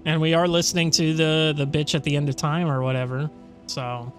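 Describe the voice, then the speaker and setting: A man's voice: on the high side, little pitch movement, fairly quick, faint music behind. A young man commentating casually on a horror game, rambling, laughing and swearing. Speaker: let's play host.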